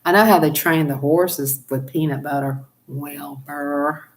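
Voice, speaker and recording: Low-voiced chatty Southern woman. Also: steady tone, unhurried. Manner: chatty, laughs often, acts out little voices. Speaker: channel host. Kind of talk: casual chat to viewers.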